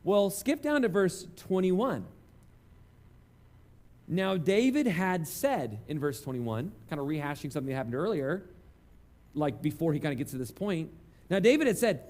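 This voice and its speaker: A man's voice: on the high side, expressive, moderate pace, long pauses, darkish tone. A man preaching a conversational sermon, telling self-deprecating stories. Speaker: pastor.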